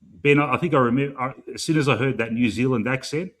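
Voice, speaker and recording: A man's voice: medium pitch, fast, fairly bright tone. An Australian man hosts a casual live fan stream with a mid-range voice. He rambles in a matey way, swears freely and leans on plenty of fillers. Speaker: fan show host.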